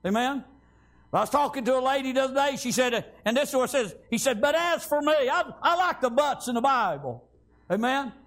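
A man preaching a Thanksgiving sermon, halting with many fillers and restarts and often calling out amen and praise God. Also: extremely high pitch, expressive, fairly bright tone.

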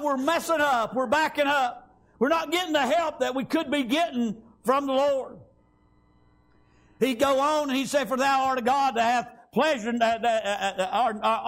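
A man preaching a Thanksgiving sermon, halting with many fillers and restarts and often calling out amen and praise God. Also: very high-pitched, a bit bright.

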